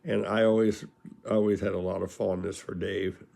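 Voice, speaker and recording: A man's voice: low voice, flat delivery, normal speed, creaky, dark tone. A man casually telling personal stories in a folksy, rambling way, often laughing at his own punchlines. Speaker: storyteller.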